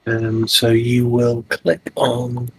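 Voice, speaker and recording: A man at a tabletop game, talking slowly as he counts squares and explains which button to click. His voice is gravelly and husky. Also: mid-range voice, completely flat delivery, faint music behind, rough recording. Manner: slow, counting squares aloud, unhurried. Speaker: player helping with the game software.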